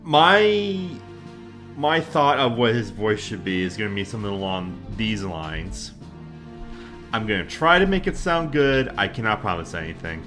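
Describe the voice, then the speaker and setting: A man's voice: lowish voice, lively intonation, unhurried, fairly bright tone. Self-deprecating man commenting on gameplay. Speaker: let's play host. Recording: faint game music underneath.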